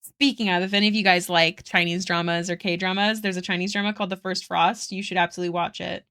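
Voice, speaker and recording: A woman's voice: lowish voice, steady tone, fast, a bit bright, clean tone, no room sound, studio quality. A woman streaming her art live, chatting casually with viewers, giggling often and thanking them one by one.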